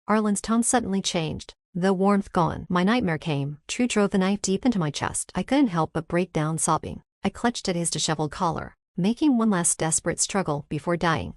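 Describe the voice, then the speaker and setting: A woman reads a first-person story in a steady, somber way, her voice sitting on the low side. The sound is dry and close, with no room echo, in a clean audiobook reading. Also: normal speed, hardly any pauses. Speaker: narrator.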